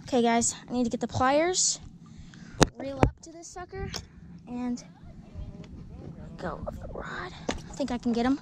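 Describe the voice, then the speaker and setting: A young woman fishing from a paddleboard, talking excitedly and coaching someone else as she goes. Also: sits high, a little slow, long pauses. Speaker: angler. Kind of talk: excited live fishing talk. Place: outdoors on a paddleboard. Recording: outdoor noise.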